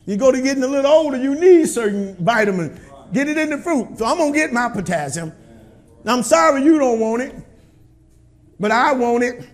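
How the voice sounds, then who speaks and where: High-voiced preaching man, shouting at times. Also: lively intonation, normal speed. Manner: preaching with call-and-response, often shouting. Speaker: pastor. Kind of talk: sermon. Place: church with congregation.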